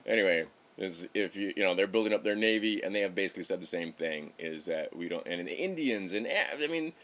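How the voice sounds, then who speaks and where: A man's voice: low voice, expressive, brisk, fairly bright tone. A middle-aged man giving casual political commentary in a rambling, sarcastic way, often stopping to correct himself. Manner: rambling, sarcastic, self-interrupting. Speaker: political vlogger.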